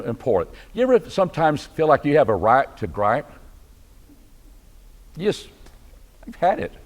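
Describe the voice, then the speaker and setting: A man with a Texan accent teaching a church Bible class, conversational and asking his listeners questions. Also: medium pitch. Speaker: preacher.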